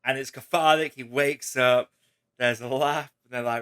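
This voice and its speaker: A man hosting a casual spoiler chat, retelling movie scenes in an emotional, animated way. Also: mid-range voice, moderate pace, clear, resonant tone. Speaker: host.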